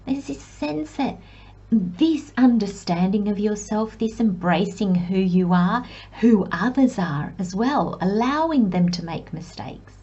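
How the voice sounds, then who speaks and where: A woman giving a pick-a-card tarot reading who speaks to viewers as piles, reflective and gently encouraging, with self-deprecating asides. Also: medium pitch, breathy edge, dull audio. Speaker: tarot reader.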